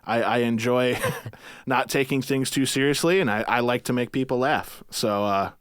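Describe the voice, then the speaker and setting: A man's voice: medium pitch, normal speed, clean tone, no echo, studio quality. A man talking casually as a podcast guest, easygoing and self-deprecating, often laughing between thoughts. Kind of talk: casual conversation.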